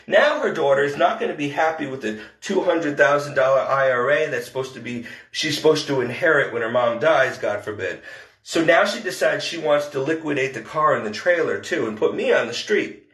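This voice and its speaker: A man venting about caring for an elderly woman, rambling in frustration, with quick rushes and slow, heavy emphasis. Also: a little high, animated, a bit bright, roomy sound. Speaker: caregiver telling his story. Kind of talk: emotional personal vlog rant.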